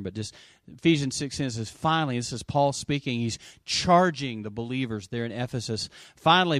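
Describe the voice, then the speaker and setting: A middle-aged male pastor preaching in an easy, conversational way, often asking the congregation for an amen. His voice sits at an ordinary pitch for a man, and he jumps from loud, pressing emphasis to soft asides. The recording is dry and close, with no room echo. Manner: asks the congregation for amens. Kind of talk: sermon.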